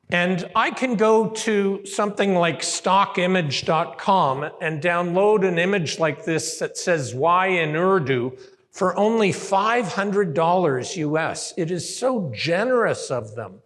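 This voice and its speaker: A man from Canada giving a lively conference keynote in a large hotel hall and asking the audience questions. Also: high voice. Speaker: keynote speaker. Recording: reverberant hall.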